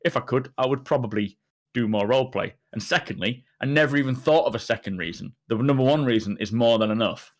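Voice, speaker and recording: A man's voice: medium pitch, fast talker. A man co-hosting a podcast, telling stories in a rambling, self-deprecating way during casual chat.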